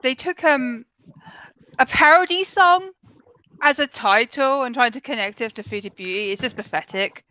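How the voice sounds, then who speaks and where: A woman's voice: sits high, normal speed, bright, forceful tone. A woman on a live-stream call, dismissive and critical. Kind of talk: casual live-stream chat. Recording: dull call audio.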